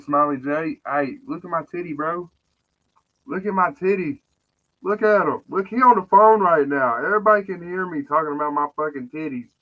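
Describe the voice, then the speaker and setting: Profane joking man on a lo-fi stream. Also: a little high. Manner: profane, loud, joking banter. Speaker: podcast guest. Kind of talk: casual live-stream chat.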